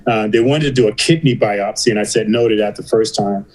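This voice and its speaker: A man's voice: on the low side, fairly quick, a little mellow, rough recording. A middle-aged man, a podcast guest, telling a personal story in a candid conversational way and acting out his talks with doctors in quoted back-and-forth.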